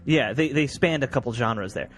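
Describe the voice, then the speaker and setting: A man's voice: medium pitch, animated, normal speed. A man co-hosting a casual sports podcast, easygoing and rambling with plenty of fillers. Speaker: podcast co-host.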